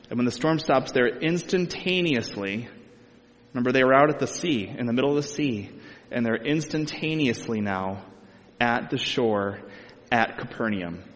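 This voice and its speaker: A man preaching a sermon, reading scripture aloud and explaining it in a conversational way with casual asides. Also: mid-range voice. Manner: conversational, asides and speculation with light laughs. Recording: long hall reverb.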